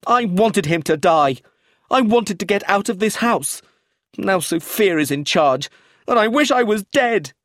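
A man voicing a distraught, bitter young man who speaks high and loud with a shaking voice in a storybook reading. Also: lively intonation, a little slow, no echo, clean studio sound. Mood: anguished.

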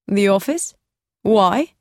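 A woman's voice: medium pitch, expressive, takes it slowly, no room sound, studio quality. A woman voicing a brash, cheerful younger brother who talks in a breezy, mocking way.

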